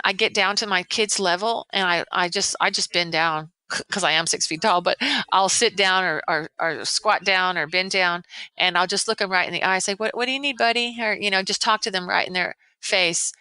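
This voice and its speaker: Woman in her sixties, longtime educator, bright tense tone, dry close podcast sound, earnest rambling guest. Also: on the low side, steady tone, moderate pace, clear, resonant tone, dry recording, rough recording. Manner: earnest, rambling, many restarts. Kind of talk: casual interview chat.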